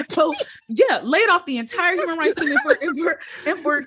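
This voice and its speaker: A woman's voice: very high voice, very animated, moderate pace, background noise. A woman co-hosting a podcast in casual chat, laughing easily and explaining with context. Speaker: podcast co-host.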